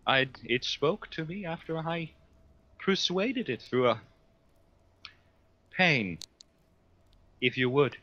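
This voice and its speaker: Man playing a sly psyker servant, bright and lively voice, dull lo-fi sound. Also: a little high, takes it slowly, pauses often, no room sound, full character voice. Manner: mock-deferential, sly. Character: eyeless male psyker servant, sly and falsely humble.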